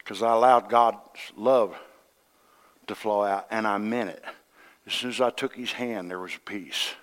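A middle-aged man, an associate minister, preaching a sermon with folksy humor, acting out dialogue and swinging from hushed tones to loud outbursts. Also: on the low side, unhurried. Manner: acts out dialogue in quoted voices.

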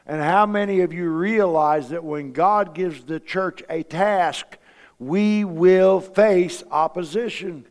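A male pastor with a fairly high voice preaches a sermon in a folksy storytelling way, asking his listeners question after question. His words ring out with a long reverb, as in a church sanctuary. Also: takes it slowly.

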